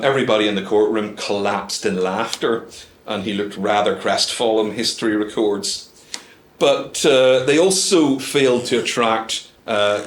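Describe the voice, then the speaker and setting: A man's voice: fairly low pitch, echoey room, a little hiss or hum. A man giving a humorous talk to a club, full of dry asides and hesitant ums. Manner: wry, dry asides with many ums and uhs. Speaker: guest speaker. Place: club meeting room.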